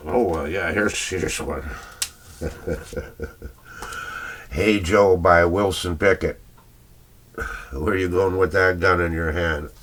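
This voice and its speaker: A man's voice: sits low, fairly even intonation, slow, long pauses, a bit bright. An older man casually rambling through his record collection, chuckling and searching aloud for names he can't recall.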